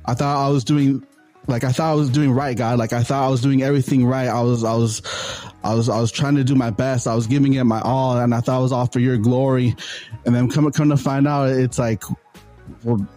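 A man with a dark, mellow voice talks through his faith in an earnest, unscripted way. He often stumbles and repeats words as he goes, and faint music plays behind him. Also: mid-range voice, steady tone, a little fast. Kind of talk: casual faith discussion.

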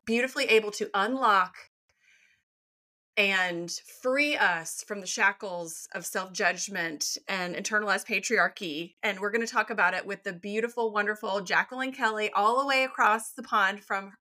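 A woman's voice: mid-range voice, normal speed, sharp tone. A woman hosting a podcast interview, effusive and enthusiastic. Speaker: podcast host.

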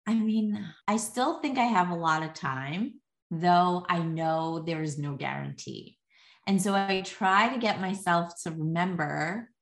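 A middle-aged woman talks as a podcast guest in a loose, chatty way, full of fillers and small laughs. Her voice sits slightly low. The recording has a noticeable room echo. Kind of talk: casual conversation. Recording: echoey room.

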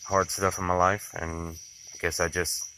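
A man's voice: sits low, little pitch movement, a little slow, pushed and bright, slight background noise, rough recording. A young man, rambling and reflective in a casual daily video diary about being a father. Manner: rambling, reflective, with many fillers and restarts. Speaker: vlogger, father.

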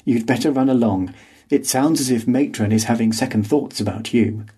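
A man voicing a cryptic, brisk older mathematician who talks in a clipped, businesslike way. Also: mid-range voice, mellow, slightly rough, lightly acted.

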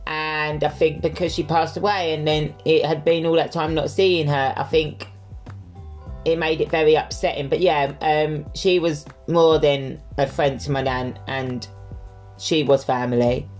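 Male podcast host, candid casual Q&A, lots of fillers, soft music underneath. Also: fairly high pitch, steady tone, a little slow. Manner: candid and chatty, with frequent fillers. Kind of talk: casual solo Q&A chat.

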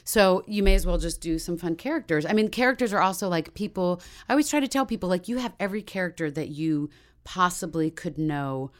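A woman's voice: lowish voice, a little fast. A woman guest who is a voice actor, chatting casually in a bubbly, rambling way, slightly tipsy. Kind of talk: casual interview chat.

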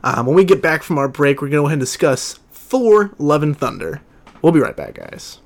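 A man's voice: on the high side, very animated, brisk, creaky. A man hosting a casual movie podcast, introducing segments in a laid-back way. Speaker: podcast host.

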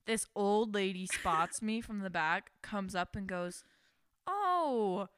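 A young woman co-hosting a podcast, telling a story in casual chat, animated and full of "like". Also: mid-range voice, slow pace, smooth, dry recording, clean studio sound. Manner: animated, heavy use of "like", acts out quotes. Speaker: podcast co-host.

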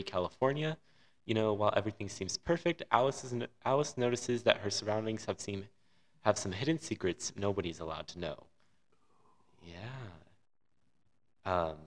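Male podcast co-host, low-pitched, loose enthusiastic film chat. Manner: rambling, enthusiastic opinions. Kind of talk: casual film review chat.

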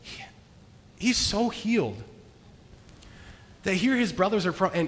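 A man preaching a sermon as pastor, earnest, moving between hushed and emphatic delivery. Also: high-pitched, unhurried, long pauses. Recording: long reverb of a large hall.

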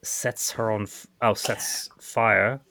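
A man co-hosting a podcast, talking through a comic, with lots of agreeing hums and halting restarts. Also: on the low side, steady tone, vocal fry, pushed and bright. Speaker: podcast co-host. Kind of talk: casual chat about a comic.

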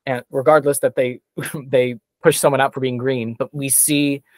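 A man's voice: medium pitch, flat delivery, normal speed, darkish tone, dry recording. A man chatting casually as a podcast guest, enthusiastic and rambling with fillers. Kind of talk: casual chat.

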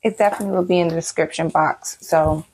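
A woman hosts a casual podcast interview, chatty and enthusiastic. Her voice sits low, with a husky, gravelly texture. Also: fairly even intonation, fast talker, a little mellow, poor audio. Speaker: podcast host.

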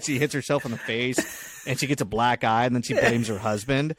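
A man's voice: mid-range voice, steady tone, brisk, a bit bright, a little hiss or hum. A young man co-hosting a casual comedy podcast, telling rambling, profane stories full of restarts. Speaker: podcast co-host.

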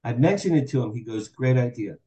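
Man in his sixties, dark and echoey. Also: mid-range voice, brisk. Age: 60s. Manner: animated, acts out quoted dialogue. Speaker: podcast guest. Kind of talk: candid storytelling interview.

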